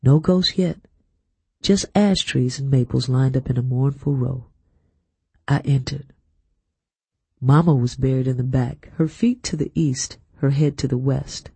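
A man narrating an audiobook in a steady, measured storytelling manner. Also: mid-range voice, gravelly, slightly rough, dry recording. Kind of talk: scripted narration.

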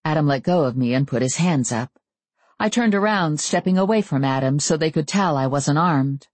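A woman reading a first-person novel aloud, with measured, wry storytelling. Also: low voice, animated, no room sound. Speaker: audiobook narrator.

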